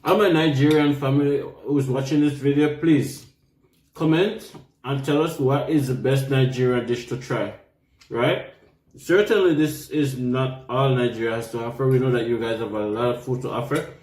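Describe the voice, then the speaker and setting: A man's voice: mid-range voice, moderate pace, darkish tone. Jamaican man vlogging in an echoey room. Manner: chatty, laughing while chewing. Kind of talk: casual food-tasting chat.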